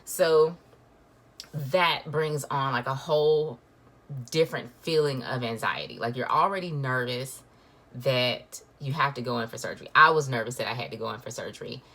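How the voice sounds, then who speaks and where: A woman's voice: extremely low pitch, moderate pace, fairly bright tone. A woman, telling a personal story in a chatty, emotional way full of fillers. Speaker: vlogger.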